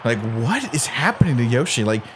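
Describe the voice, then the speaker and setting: A man co-hosting a couch gaming session, excitable and quick to laugh. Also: very noisy. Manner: excitable, laughs a lot, yelps high. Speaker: let's play co-host. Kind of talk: casual gaming banter. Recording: game music behind.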